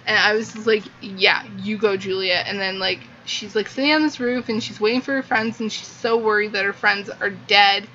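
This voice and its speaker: A woman's voice: medium pitch, brisk, hardly any pauses, bright, forceful tone. Gushing young woman, muffled lo-fi recording. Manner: gushing, filler-heavy, lots of "like". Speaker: book reviewer. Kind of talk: casual book review. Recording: muffled lo-fi with faint hiss.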